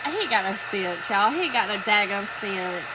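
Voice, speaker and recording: A woman's voice: mid-range voice, animated, moderate pace, heavy background noise. A woman, hosting a casual craft livestream, telling a story and greeting viewers by name. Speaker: livestream host. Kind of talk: casual livestream chat while painting.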